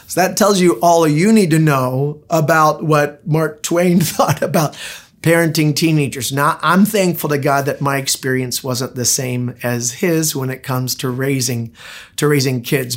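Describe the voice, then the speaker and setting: A middle-aged man preaching a sermon as pastor, in a conversational, anecdotal way with frequent restarts. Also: a little high.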